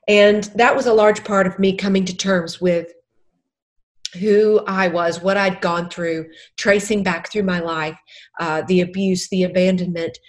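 Speaking unhurriedly in a fairly low, steady voice, this middle-aged woman is a podcast guest who writes books and used to be a counselor. She discusses faith with earnest tearfulness, leaning on and repeating her main phrases.

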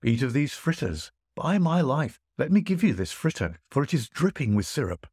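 A man's voice: very animated, moderate pace, darkish tone, husky, no room sound, studio quality. A man voicing a boastful wealthy host who keeps pressing lavish food and wine on his guest. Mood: pressing, showy. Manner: high, insistent, grandly pressing food on a guest. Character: boastful wealthy male host, teasing and showy. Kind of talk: storytelling voice acting.

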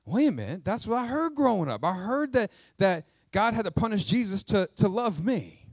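A middle-aged male pastor preaching a sermon in a lively, conversational way, mixing jokes and asides into his teaching. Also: high-pitched, moderate pace, husky, no echo.

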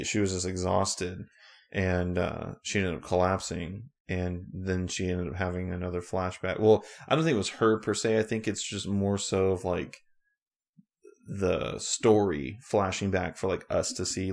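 A man's voice: sits low, normal speed, gravelly. A man co-hosting a podcast, recapping a show in casual chat with a rambling, filler-heavy manner. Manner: relaxed, rambling with many fillers. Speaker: podcast co-host.

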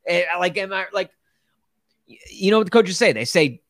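Excitable man, fairly high voice. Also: normal speed, no echo, clean studio sound. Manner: excitable, laughing, lots of "like". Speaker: podcast co-host. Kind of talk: casual sports chat.

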